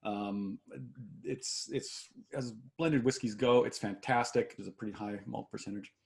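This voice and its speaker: A man's voice: lowish voice, measured pace, gravelly. A man hosting a casual chat, easygoing and enthusiastic as he pours and talks about the drinks. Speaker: host.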